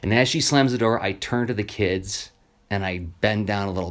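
Male teacher-podcaster, casual solo monologue, animated storyteller. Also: lowish voice, moderate pace. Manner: animated storyteller, acts out quoted voices.

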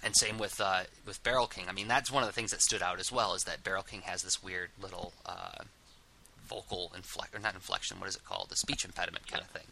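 A man's voice: low voice, fairly even intonation, fast talker, creaky, pushed and bright, slight background noise, rough recording. A man hosting a casual interview, talking at length with frequent restarts and asides. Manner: talkative, restarts and rambles. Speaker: host of a comics podcast.

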